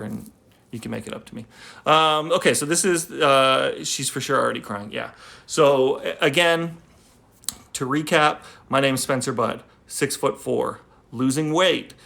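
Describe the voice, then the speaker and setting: A man's voice: mid-range voice, moderate pace, vocal fry, pushed and bright. A man who talks casually on a livestream, rambling and joking with many fillers, then reads a poem aloud. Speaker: poet. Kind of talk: casual live-stream chat and poetry reading. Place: at home. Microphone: phone livestream.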